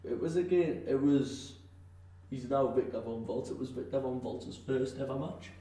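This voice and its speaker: A mellow, medium-pitched male voice with fairly even intonation and a moderate pace belongs to a professional wrestler from the North East of England. As a podcast guest he chats casually and laughs often, rambling with lots of fillers and restarts. The sound is distant and echoey with faint noise.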